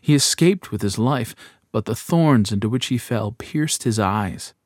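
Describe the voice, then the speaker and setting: A man reads a fairy tale aloud in a slow, even, measured way. His pitch sits in the middle range. The recording is close and dry. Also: dry recording. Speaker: narrator.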